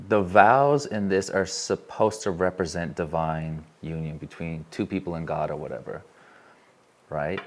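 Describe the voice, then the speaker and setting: In a room with a small live audience, a workshop speaker with a low voice tells a candid personal story earnestly and puts questions to the people there. A little hiss or hum can be heard.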